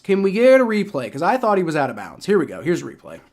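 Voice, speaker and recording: A man from Ohio with a Southern accent, giving excitable, rambling live play-by-play reaction commentary on a football game and swearing when frustrated. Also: high-pitched, fast talker. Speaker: livestream sports reaction host.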